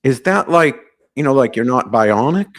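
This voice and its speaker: A man's voice: medium pitch, animated, normal speed. A man hosting a live call-in podcast, talking in a brash, joking, rambling way. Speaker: podcast host.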